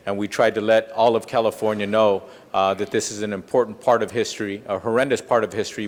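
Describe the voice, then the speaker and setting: Man, council member, earnest formal speech, measured with fillers, long chamber reverb. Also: fairly low pitch.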